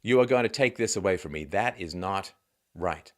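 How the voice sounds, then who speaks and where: A man's voice: sits low, expressive, normal speed. A man impersonating an indignant woman athlete who demands an apology, in an insistent, repetitive voice. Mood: aggrieved. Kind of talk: impression within commentary.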